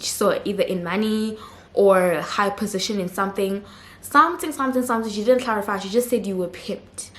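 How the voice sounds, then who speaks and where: A woman recaps a reality show episode in a loose, chatty way, quick to laugh at what she saw. Her voice sits at an ordinary middle pitch. The room around her gives off a noticeable echo. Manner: chatty and expressive, laughs readily. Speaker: reality TV reviewer.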